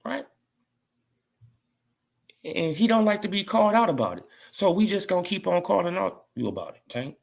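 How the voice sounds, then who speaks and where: With a creaky, high, very animated voice at normal speed, this man leaves long pauses while ranting casually about boxing on his vlog. He mocks, repeats himself, and often asks "right?" and "you feel what I'm saying."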